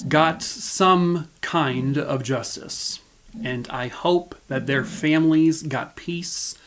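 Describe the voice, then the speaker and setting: A man's voice: medium pitch, fairly bright tone. An American man hosting a true crime video, telling cases in a casual, rambling way with many fillers. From United States. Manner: rambling, lots of fillers and restarts.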